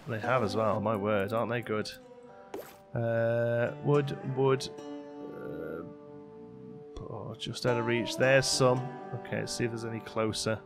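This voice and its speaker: A man hosting a let's play, chatting casually as he plays and talking to his game characters. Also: mid-range voice. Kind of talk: casual gameplay commentary. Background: faint game music.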